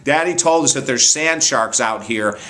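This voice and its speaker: A careful four-year-old girl who explains herself with great seriousness, as a man puts her on while telling a story. The voice is bright and slow. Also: mid-range voice, natural voice. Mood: matter-of-fact.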